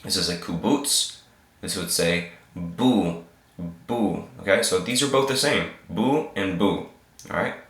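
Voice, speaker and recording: A man with a very low voice walks learners through a reading lesson at his computer. He goes slowly and patiently, repeating every sound. The room adds a noticeable echo. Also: expressive, fairly bright tone. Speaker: Hebrew teacher. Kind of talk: screen-share reading lesson. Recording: roomy echo.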